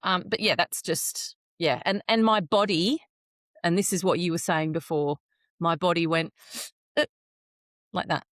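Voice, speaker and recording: Reflective woman, lowish dry voice. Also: fairly even intonation, normal speed, a bit bright, no room sound. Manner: reflective, acts out her own reactions. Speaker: podcast co-host. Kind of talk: casual conversational chat.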